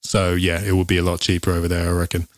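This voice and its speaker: A man's voice: sits low, completely flat delivery, fast talker, no echo. A man co-hosting a whisky show, chatting casually and explaining with lots of ums. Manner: rambling, explaining with many ums. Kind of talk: casual chat.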